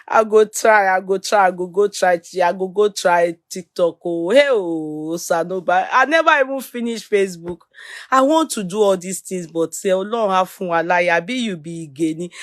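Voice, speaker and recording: A middle-aged Nigerian woman hosts a live stream, reading out viewer comments and shout-outs in Yoruba-influenced English. Animated and medium-pitched, she drifts easily into Pidgin and Yoruba. The recording is dry and close, with little room tone.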